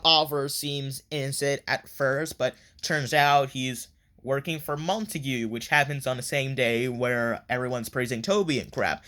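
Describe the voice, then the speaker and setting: A man's voice: medium pitch, fairly bright tone. A man casually recapping a story in a rambling review, with many fillers and offhand swearing.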